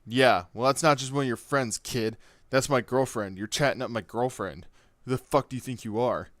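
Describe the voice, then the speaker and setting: Brief: man putting on a loud, swaggering teen bully picking a fight, sneering and crude. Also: mid-range voice, moderate pace, no echo, studio quality, close to an everyday voice. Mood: hostile. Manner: taunting, swearing, loud. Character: cocky aggressive teen boy bully.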